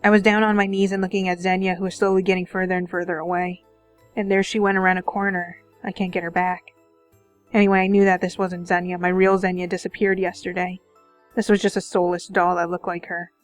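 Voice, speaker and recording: Woman reading a visual novel aloud, steady narrator, soft music underneath. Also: fairly low pitch, a little fast.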